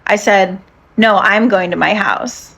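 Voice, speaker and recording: A young woman casually recounting a date in a sardonic, deadpan way, full of fillers. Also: mid-range voice, slow pace, vocal fry, slightly rough. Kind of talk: casual storytelling to camera.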